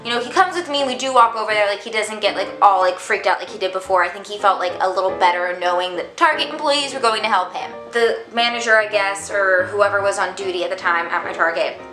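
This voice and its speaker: A young adult vlogger rushes through a dramatic, chatty storytime, packed with "like" and hardly pausing. Her medium-pitched voice is fast, bright, and forceful. The recording has an echoey room and background music.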